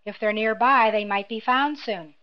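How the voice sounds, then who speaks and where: A woman's voice: a little high, moderate pace, close to an everyday voice. Shrewd, smug old woman, voiced by a female reader; sly and mocking; muffled lo-fi audio. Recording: dull lo-fi recording.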